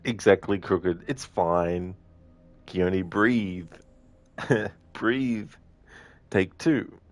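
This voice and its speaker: A man's voice: deep voice, very slow. A young man streaming a video game, chatting with viewers and reading chat in a giggly, chatty way. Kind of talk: live gameplay stream chat.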